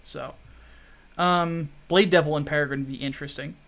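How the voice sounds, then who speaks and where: A man co-hosting a casual show, talking about his comic project with relaxed pauses and fillers. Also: on the high side, creaky. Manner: easygoing, hesitant fillers. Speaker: comic creator and co-host. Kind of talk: casual chat.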